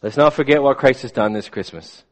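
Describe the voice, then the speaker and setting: A man preaching a sermon, telling a story in measured tones that fall soft at the ends of lines. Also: mid-range voice. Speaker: pastor. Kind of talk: sermon with a read-aloud story. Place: church sanctuary. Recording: long reverb of a church hall.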